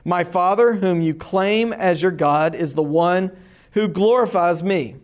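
A man teaching a class, reading a long scripture passage aloud slowly and deliberately, with emphatic rises on key lines. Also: high voice.

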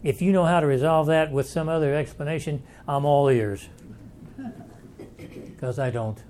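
A man leading a Bible study, his voice sitting a little higher than most men's. He talks in a folksy, conversational way, working through ideas aloud and inviting questions from the class. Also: steady tone, normal speed, darkish tone, slight background noise. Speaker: Bible teacher.

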